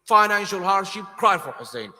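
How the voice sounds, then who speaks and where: A man giving an impassioned sermon at a mourning gathering, swinging from soft to loud and putting questions to his audience. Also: high-pitched, expressive, normal speed, faint music behind. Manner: asks the audience questions directly. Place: large hall with congregation. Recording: long hall reverb.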